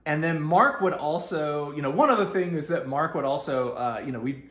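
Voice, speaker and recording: A man's voice: a little high, lively intonation, moderate pace, fairly bright tone, roomy sound. A man with a Texan accent telling a personal story casually, rambling with lots of fillers and restarts and laughing often. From Texas.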